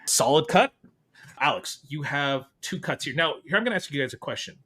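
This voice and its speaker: Male podcast host, bright timbre, chatty, keeps score with easy banter. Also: a little high, sing-song, a little fast, breathy edge. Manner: upbeat, running scores and banter. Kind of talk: casual game-show chat.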